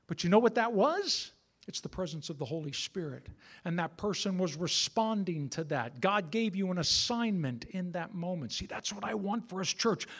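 Lively high-pitched preaching man. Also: husky. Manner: conversational preaching with asides to the congregation. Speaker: pastor. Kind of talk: sermon. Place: church sanctuary.

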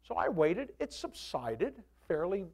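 A man in his sixties, a pastor, telling a personal testimony to his congregation in an animated, candid way with self-deprecating humor. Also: sits high, unhurried.

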